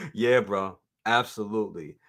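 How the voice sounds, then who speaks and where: Slow and fairly low-pitched yet fairly bright in tone, a man hosts a live toy review stream. He chats casually and reads viewer comments out loud, speaking directly to viewers, often repeating himself and laughing easily.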